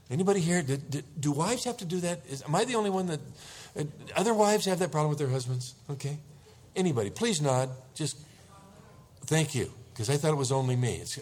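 A man's voice: fairly high pitch, animated, fairly quick. A middle-aged man preaching a sermon as a pastor, telling the story with animation and acting out panicked husbands.

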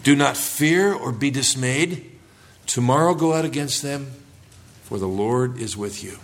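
A man's voice: mid-range voice, measured pace. A man preaching a sermon to his congregation, lifting his voice for emphasis and calling for responses. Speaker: pastor.

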